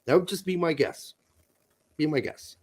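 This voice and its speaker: A man co-hosting a casual soccer talk show, profane and animated, bursting into loud mock rants. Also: a little high, moderate pace. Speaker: podcast co-host. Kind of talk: casual chat.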